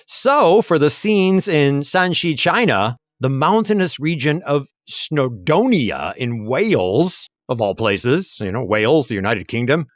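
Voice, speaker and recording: A man co-hosting a history podcast, talking in a relaxed, musing way with frequent fillers. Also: fairly high pitch, no room sound, clean studio sound. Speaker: podcast co-host. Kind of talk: casual history podcast chat. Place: lives in Taiwan.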